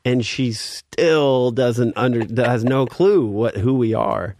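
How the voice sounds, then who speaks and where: A man's voice: medium pitch, takes it slowly, darkish tone, no room sound, studio quality. A man in his thirties, a guest musician, telling a story in a laid-back way with many fillers, getting livelier as he acts out scenes. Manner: laid-back, filler-heavy, reenacts scenes with rising energy. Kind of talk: casual storytelling.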